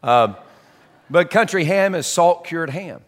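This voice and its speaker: A man with a slightly higher voice gives a relaxed, folksy sermon, breaking off for chatty asides. His voice rings out with a long reverb from the church hall around him. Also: takes it slowly. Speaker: pastor. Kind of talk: conversational sermon. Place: church sanctuary.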